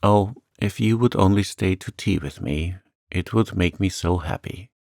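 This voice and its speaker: A man's voice: low-pitched, a little slow, gravelly, a little mellow, no room sound, studio quality. A man voicing a lonely, sweet little old lady who talks in a chirpy, eager, fluttery way.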